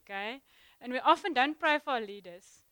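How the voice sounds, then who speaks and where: A young woman giving a sermon in a church, chatty and halting, full of ums and restarts. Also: high voice, expressive, sharp tone, clean tone, no echo. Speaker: guest preacher. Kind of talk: sermon opening, casual warm address.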